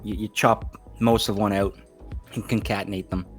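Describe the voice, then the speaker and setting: A man co-hosting a radio show, chatting casually in a relaxed way and explaining things patiently. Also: fairly low pitch, moderate pace, soft background music. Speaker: radio co-host.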